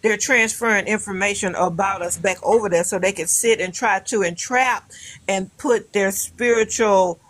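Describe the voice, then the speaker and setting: A woman's voice: mid-range voice, normal speed, a bit bright, no room sound. A woman speaking casually, emphatic and rambling with many restarts. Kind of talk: casual discussion.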